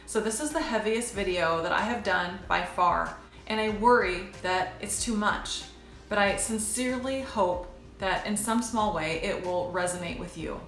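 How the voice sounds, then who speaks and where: A woman's voice: mid-range voice, normal speed, fairly bright tone. Brief: woman, 40s, casual and conversational vlogger, roomy echo, faint music behind. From United States. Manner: conversational, addresses viewers as "you guys". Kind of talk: personal storytelling vlog.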